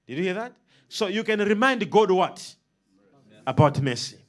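Preacher, male, high and lively voice, leads call-and-response, emphatic swings from loud to soft. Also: normal speed.

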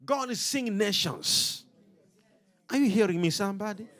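A man's voice: sits high, lively intonation, moderate pace, a bit bright. A man preaching a sermon, emphatic and rhythmic, throwing questions out to his congregation.

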